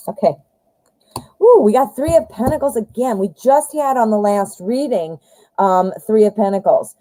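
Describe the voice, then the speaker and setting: A woman's voice: mid-range voice, lively intonation, moderate pace, dark tone, no room sound, low-quality recording. A woman giving a live-stream tarot reading, chatting directly to viewers with lots of fillers and friendly asides. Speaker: tarot reader.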